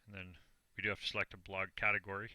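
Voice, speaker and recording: A low-voiced Canadian man narrates a screen-recorded tutorial step by step, plainly and with a self-deprecating streak. His tone is bright and forceful, and the recording is dry and close with no room sound. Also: flat delivery, rapid-fire, dry recording. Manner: plain, self-deprecating, talks through each click. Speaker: online business vlogger.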